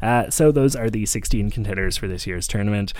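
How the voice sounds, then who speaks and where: A man's voice: on the low side, brisk, dry recording. A man co-hosting a food podcast in casual, playful chat, full of fillers. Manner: lively, playful, lots of fillers. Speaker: podcast co-host.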